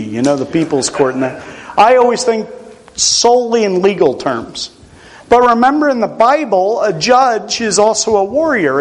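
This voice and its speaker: A man's voice: high voice, rough recording. A man from Pennsylvania preaching a sermon in a conversational way, with self-deprecating humor.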